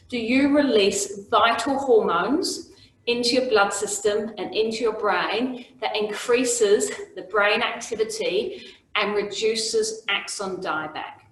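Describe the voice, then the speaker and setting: A woman's voice: on the high side, unhurried, a bit bright. A woman instructor leading an online exercise class. She coaches the moves and keeps checking in with "okay?". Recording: very echoey room, voice far from mic.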